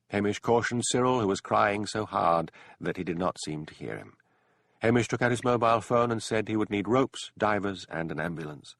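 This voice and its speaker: Gravelly, expressive male audiobook narrator. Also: fairly low pitch, normal speed, no room sound. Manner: expressive storytelling with character voices.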